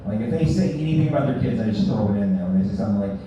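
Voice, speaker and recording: A man's voice: fairly low pitch, expressive, rapid-fire, dark tone. Dry-talking comedy guy doing stand-up at a bar, dull muffled sound, faint hum behind. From North Carolina. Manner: dry, conversational joke delivery. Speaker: stand-up comic. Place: bar stage with audience. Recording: distant, echoey bar room recording.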